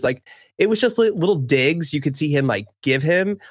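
Podcast co-host, man, chatty and opinionated, somewhat high voice, dry booth sound. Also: normal speed, breathy edge, dry recording. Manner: animated, hesitant restarts, opinionated. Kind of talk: casual chat.

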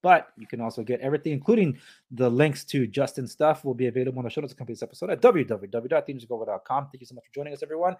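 A man hosting a podcast interview, talking in a halting way with many restarts. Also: mid-range voice, expressive, darkish tone, breathy edge. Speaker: podcast host. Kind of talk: casual interview chat.

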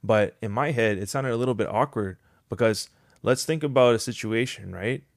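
A man from Canada, a podcast guest, explains events calmly and often checks in with the listener. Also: mid-range voice, gravelly, no echo, clean studio sound. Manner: measured, explanatory, frequent "right?" tags. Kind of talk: podcast discussion.

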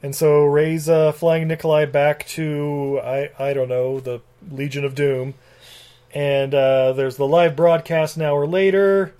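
A man's voice: a little high, level tone, measured pace, mellow, clean tone. Laughing, rambling man recapping a movie. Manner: rambling, laughs often, swears freely. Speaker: podcast co-host. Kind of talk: casual movie recap chat.

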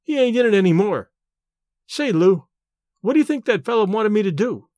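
A man reads aloud in an animated, moderately paced voice that sits high and a little mellow, pitched above his own natural voice. He's voicing a sassy, street-smart young shop girl who teases in slang. The clean studio recording has no room sound.

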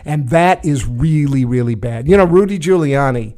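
A man's voice: on the high side, lively intonation, moderate pace, dark tone. A man from New York, a former congressman, trading wry political commentary and stories in a casual chat. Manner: wry, sardonic storytelling. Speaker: show host, former congressman.

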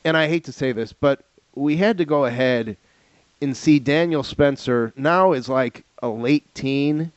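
A man's voice: medium pitch, unhurried, clean tone, dry recording, dull audio. A man co-hosting a podcast, telling stories in a casual chat with lots of laughs and repeated words. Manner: animated storyteller, laughs often, repeats words. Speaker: podcast co-host. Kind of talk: casual chat about old TV shows.

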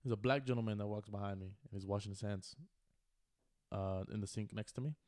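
A man's voice: on the low side, fairly even intonation, a little fast, a little mellow, no room sound, clean studio sound. A man in his twenties co-hosting a podcast, telling a long story in a laid-back way, full of slang and fillers. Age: 20s. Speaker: podcast co-host. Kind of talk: casual chat.

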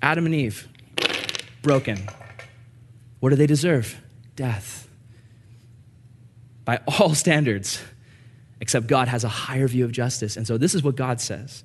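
A young man preaching a sermon, earnest and animated as he tells stories. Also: medium pitch, a little slow, long pauses, a little hiss or hum. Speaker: pastor.

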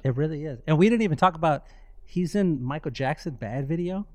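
A man co-hosting a podcast, telling stories excitedly and swearing freely in casual chat. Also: fairly high pitch, fairly quick, no echo. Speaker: podcast co-host.

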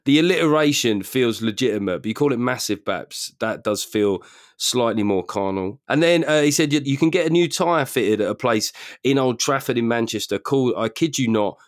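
A man's voice: medium pitch, animated, moderate pace, no echo, clean studio sound. Joking man hosting. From South London. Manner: joking, riffing on names. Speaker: podcast host. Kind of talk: casual comedy chat.

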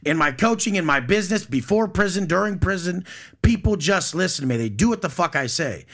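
A man's voice: sits high, animated, brisk, a bit bright. A man talking as a podcast guest in casual conversation, blunt, profane and boastful.

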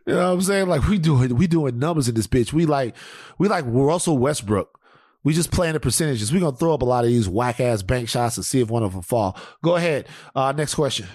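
A man's voice: medium pitch, fairly quick, no room sound, studio quality. A man hosting a podcast, telling profane stories in casual chat. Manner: animated, profane storytelling. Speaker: podcast host.

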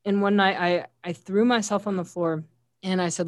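A woman's voice: medium pitch, steady tone, normal speed, no room sound. A woman giving an earnest, heartfelt faith testimony as an interview guest, often quoting scripture. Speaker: guest sharing a personal testimony.

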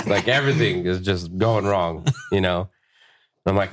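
A man's voice: low voice, steady tone, normal speed, slight background noise. A man in a casual podcast chat, telling a rowdy, profanity-laced story and acting out the quotes. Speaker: podcast guest, tattoo artist. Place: tattoo shop podcast room.

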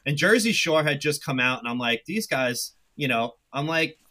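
Bright-voiced man with a New York accent. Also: a little high, expressive, moderate pace. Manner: chatty storyteller, acts out his own past remarks. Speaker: guest. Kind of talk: casual interview chat.

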